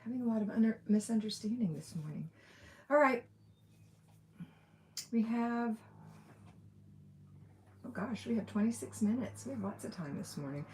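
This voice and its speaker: A woman's voice: fairly high pitch, animated, moderate pace, long pauses, warm tone, slight background noise. A woman with an Alabama accent hosting a casual live question session, chatty and reading viewer comments aloud with a laugh now and then. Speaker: livestream host. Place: room at home with window open.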